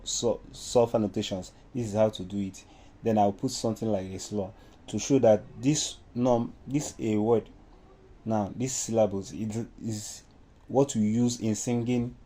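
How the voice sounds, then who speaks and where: A man with a Nigerian English accent walks through a music lesson step by step, now and then singing solfa syllables. His voice is very dark and mellow, and he speaks slowly. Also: medium pitch. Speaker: music teacher. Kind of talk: informal music lesson with sung examples.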